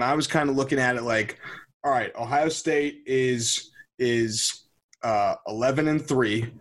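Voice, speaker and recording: A man hosting a sports podcast in a relaxed, conversational way. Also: medium pitch. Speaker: podcast host. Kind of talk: casual sports chat.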